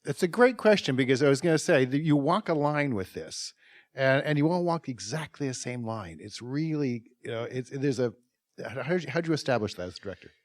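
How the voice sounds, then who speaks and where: A man moderating an audience Q&A in a casual, halting way, often restarting his sentences. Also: medium pitch, animated, no room sound, studio quality.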